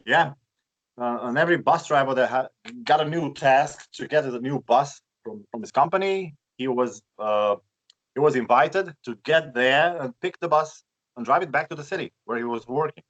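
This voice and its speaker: A man from Romania with a Romanian accent, telling a personal story in a halting, chatty way with many repeated words. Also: mid-range voice, a bit bright, muffled recording. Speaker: guest, bus collector. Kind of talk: casual storytelling.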